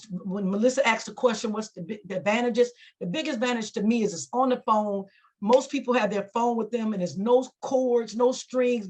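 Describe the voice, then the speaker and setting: A chatty woman with a drawl joins a webinar over a video call. She talks with open enthusiasm and restarts her sentences here and there. Her pitch sits in the middle of the usual range. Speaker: oral health worker on a webinar. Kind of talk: unscripted webinar talk.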